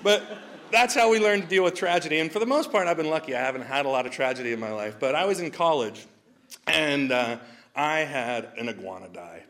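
Fairly quick and expressive, this young man's voice runs on the high side with a fairly bright tone. He's a stand-up comic telling personal stories to a crowd, laughing a lot and using many fillers.

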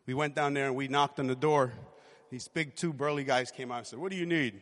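A man in his forties telling a personal story in a lively, animated way, acting out the quotes. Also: mid-range voice, fairly quick, big-room sound. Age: 40s.

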